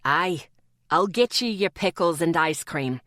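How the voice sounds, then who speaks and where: A woman voicing a big, good-humored man with a Scottish accent, speaking deep and hearty. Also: expressive, a little slow, fairly bright tone, dry recording, clean studio sound.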